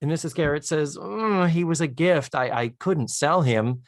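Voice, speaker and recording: Guy on a podcast retelling a tv episode, acts out the lines, swears for laughs, really lively voice, dry sound. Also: on the high side, normal speed, no room sound. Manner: swears for comic effect. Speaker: podcast co-host. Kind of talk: casual recap chat.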